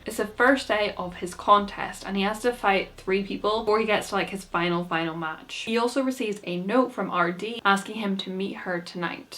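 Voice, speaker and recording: A young woman talking straight to camera in an easygoing, chatty way. Her voice sits at an ordinary middle pitch, and she slips into quick character voices to keep the recap fun. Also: fairly bright tone. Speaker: book vlogger. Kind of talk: casual plot recap.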